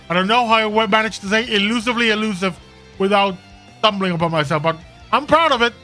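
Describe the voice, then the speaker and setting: A man's voice: high-pitched, fast talker, pushed and bright, soft background music. A man making casual, self-amused asides while dubbing a game. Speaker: game voice-over creator.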